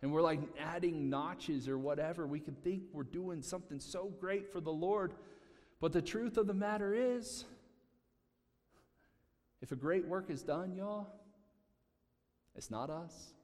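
Conversational preacher in a reverberant hall. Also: male voice, high-pitched, a little slow. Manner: conversational, animated preaching with repetitions. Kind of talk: sermon.

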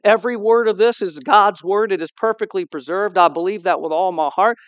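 High-voiced pastor preaching animatedly. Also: male voice, brisk, no room sound, lo-fi sound. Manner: animated, acts out quoted dialogue; asks the congregation for responses. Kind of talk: sermon.

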